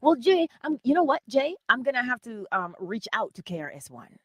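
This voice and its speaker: Animated woman chatting to her stream viewers. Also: fairly high pitch, a little fast, no echo, clean studio sound. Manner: animated, laughing often, calling viewers honey. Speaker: livestream host. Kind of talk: casual livestream chat greeting viewers.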